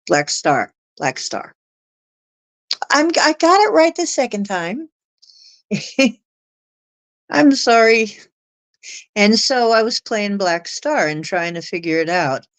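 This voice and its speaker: A middle-aged woman telling a personal story in a chatty, animated way. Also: mid-range voice, slow, pauses often, poor audio. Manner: chatty, animated retelling with laughs and acted quotes. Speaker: astrology show guest. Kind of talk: casual storytelling.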